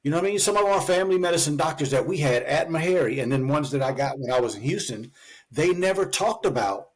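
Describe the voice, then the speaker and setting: A man's voice: on the high side, animated, quick pace, breathy edge. A man, a physician guest on a talk show, telling his story in a loose, chatty way with many fillers. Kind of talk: conversational storytelling interview.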